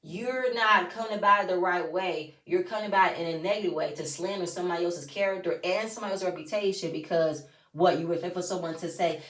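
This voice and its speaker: A woman's voice: lowish voice, fast talker, a bit bright. A woman giving a casual recap of a reality TV episode, blunt and profane with sassy asides. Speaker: reality TV reviewer. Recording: roomy, voice from a distance.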